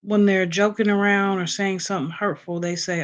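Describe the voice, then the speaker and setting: A woman's voice: mid-range voice, fairly even intonation, normal speed. A woman hosting a casual livestream, just out of bed, reading points from a list with plenty of ums and chatting with her viewers. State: just woke up. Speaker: livestream host.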